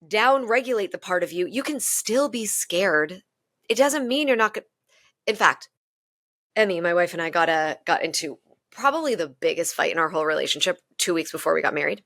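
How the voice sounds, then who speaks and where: A woman's voice: lowish voice, normal speed, no room sound. A woman guest on a relationship podcast, telling personal stories openly and with animation. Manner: open, animated storytelling with self-deprecating laughs. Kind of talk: candid podcast conversation.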